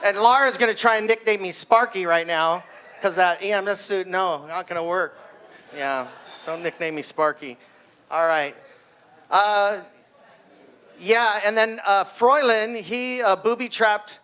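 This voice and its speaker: A man's voice: sits high, unhurried, smooth. A man in his sixties telling a stand-up story at his own birthday party, acting out the screams and voices of the people in it. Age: 60s. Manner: animated storytelling, acts out screams. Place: party hall with guests.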